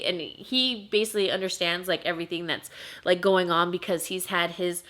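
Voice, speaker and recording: A woman's voice: medium pitch, fairly even intonation, normal speed, a bit bright. A young woman vlogger telling a personal paranormal story in a chatty, emotional way, with many fillers. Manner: chatty, emotional, heavy use of "like". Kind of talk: casual storytime vlog.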